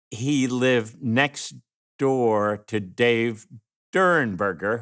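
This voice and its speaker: A man's voice: mid-range voice, a bit bright. An older man from Michigan in an oral history interview, telling stories and acting out the voices of people he quotes. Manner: slow, anecdotal, acts out quoted voices.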